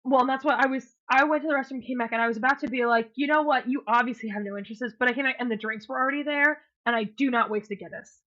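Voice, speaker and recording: A woman's voice: high voice, racing, hardly any pauses. A woman co-hosting a podcast, telling a dating story in casual chat and acting out what people said. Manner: animated storyteller, acts out quotes, swears. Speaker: podcast co-host. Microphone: podcast mic, remote call. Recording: muffled lo-fi sound.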